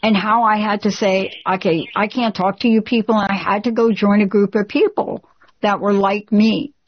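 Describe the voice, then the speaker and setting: Woman, call-in show host; direct and emphatic, mid-pitched, a little dull on the recording. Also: fairly even intonation, moderate pace.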